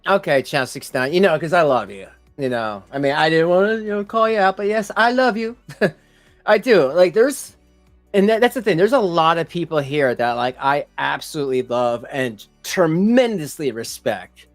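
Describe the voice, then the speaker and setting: A man's voice: on the high side, animated, moderate pace, no echo, soft background music. A man doing casual live-stream commentary, rambling with lots of "you know" and "like" and asides to his viewers. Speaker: live streamer reacting to videos.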